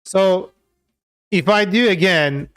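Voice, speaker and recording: A man's voice: a little high, unhurried, fairly bright tone, clean tone. A man talking loosely through a live coding session, with many filler words and casual swearing. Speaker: software developer streaming his coding work.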